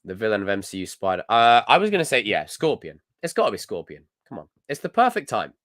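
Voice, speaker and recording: A young man with a Scottish accent chats live with his viewers, ranting and joking in an animated way. His voice sits a little low but sounds bright and forceful. The sound is dry and close. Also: quick pace, dry recording. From Scotland. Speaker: livestream host. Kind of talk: casual live chat reading comments.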